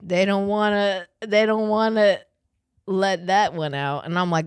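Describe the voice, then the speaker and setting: A woman's voice: mid-range voice, fairly even intonation, unhurried, clean tone, no echo, studio quality. A woman in her twenties hosting a podcast, chatting casually in a rambling, profane way. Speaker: podcast host.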